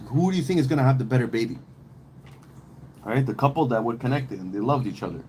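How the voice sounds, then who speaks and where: A man's voice: medium pitch, expressive, fast talker, darkish tone, a little hiss or hum, poor audio. A man talking on a podcast in a casual, opinionated way, rambling and emphatic, with plenty of slang, swearing and restarts. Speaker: podcast host.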